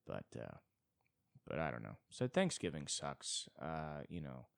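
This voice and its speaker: A young man hosting a solo comedy podcast, rambling and self-deprecating, with sudden jumps into high-pitched bits. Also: wildly swooping pitch, a little slow, creaky, smooth, no room sound, studio quality. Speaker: podcast host.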